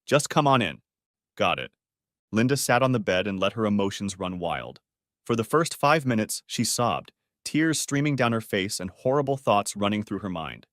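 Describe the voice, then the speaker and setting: A man narrating a dramatic family story in an expressive reading. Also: on the low side, moderate pace, dry recording, studio quality.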